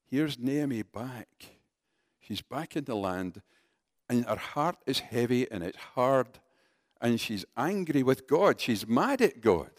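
A man preaching a sermon in a conversational, animated way, talking directly to his congregation. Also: mid-range voice, no echo, clean studio sound.

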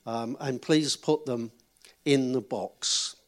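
At a church gathering, a man acting as event leader gives the notices and then tells a short joke, chatting with the audience in a friendly way. His voice is mid-range with fairly even intonation, and he speaks slowly.

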